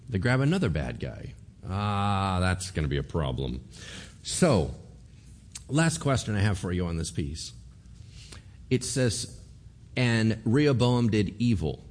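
Male pastor, lowish voice, very animated delivery, storytelling sermon. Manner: lively storytelling, acts out voices, rhetorical questions.

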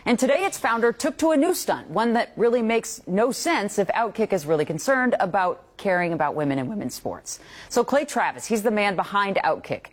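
Woman anchor with a lively, pointed delivery. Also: medium pitch, brisk, few pauses. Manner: pointed, disapproving editorial delivery. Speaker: TV news anchor. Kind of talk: scripted news commentary.

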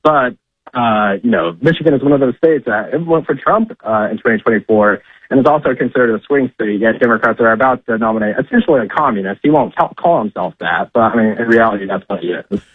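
Guy calling in over a crackly phone, husky voice, lots of uh and i mean. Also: medium pitch, expressive, fast, no room sound. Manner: conversational, frequent "uh" and "I mean". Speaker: political correspondent. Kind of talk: call-in political commentary. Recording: tinny phone line.

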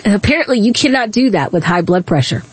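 A woman's voice: medium pitch, lively intonation, quick pace, breathy edge, dry recording. A woman hosting a call-in talk radio show, speaking bluntly and indignantly with frequent restarts.

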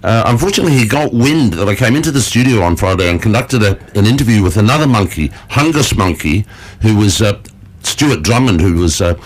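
A man's voice: fairly low pitch, expressive, a little fast. A man, hosting a casual radio chat, chatty and joking, laughing often. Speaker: radio host.

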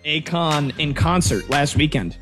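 A man's voice: fairly high pitch, lively intonation, measured pace, music in the background. A man in his thirties hosting a sports talk radio show, chatting casually and telling stories with a self-deprecating touch. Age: 30s.

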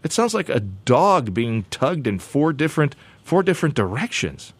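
A man hosting a show segment, joking playfully and talking in a loose, animated way with many restarts and asides. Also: mid-range voice, moderate pace, noisy background. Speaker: show host.

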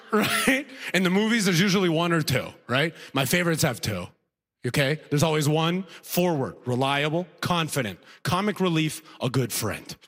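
A man doing a stand-up comedy routine, telling a story with quick impressions of the people in it. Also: on the high side, big pitch swings, fairly bright tone, big-room sound. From outside the United States.

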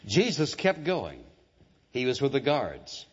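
A man delivering a church sermon in a dramatic, emphatic style, dropping to hushed tones and then rising on key words. His voice rings out with a long hall reverb. The recording itself sounds dull and muffled. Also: mid-range voice, big pitch swings, slow pace, slightly rough. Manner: emphatic, dramatic preaching with sudden shifts in loudness and pace. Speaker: preacher.

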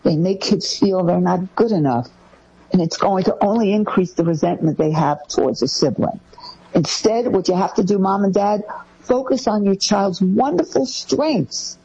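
A woman co-hosting a talk show, giving parenting advice in a casual, lively way and voicing quoted parents as she goes. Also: moderate pace, creaky, breathy edge, muffled recording. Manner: lively, acts out quoted parent lines in a higher voice.

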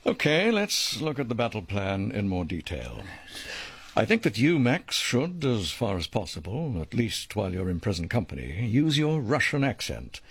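A man's voice: fairly low pitch, wildly swooping pitch, moderate pace, fairly bright tone, a little hiss or hum, exaggerated voice. An actor playing a commanding male ringleader who lays out a plan in clipped, bossy, formal phrasing. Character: commanding male ringleader planning a sting, dry, precise.

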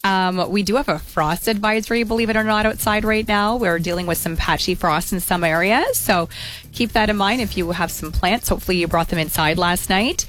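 A woman's voice: medium pitch, brisk, a bit bright, soft background music, poor audio. A woman presenting the weather on morning radio and chatting with the hosts. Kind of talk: radio weather report and chat.

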